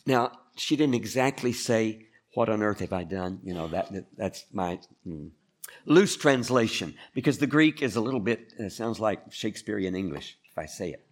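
A man's voice: fairly low pitch, big pitch swings, normal speed. A male pastor preaching a conversational sermon, often turning to ask the listeners questions. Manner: conversational, asks the congregation questions.

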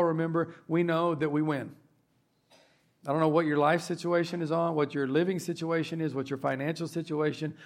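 A man delivering a sermon in a church, pitched a little higher than most men. His voice has a gravelly, fried edge. He speaks earnestly and builds to fervent emphasis. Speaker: pastor.

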